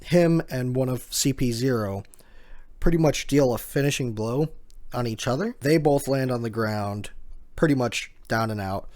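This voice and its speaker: A man's voice: mid-range voice, moderate pace, a little mellow. A man casually narrating a manga chapter recap, with chatty fillers and asides. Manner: chatty, chuckling, filler words.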